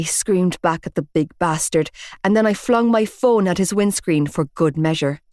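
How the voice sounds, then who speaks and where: A woman's voice: on the low side, moderate pace, darkish tone, no echo, clean studio sound. A woman narrating a first-person audiobook in an emotive, heated reading.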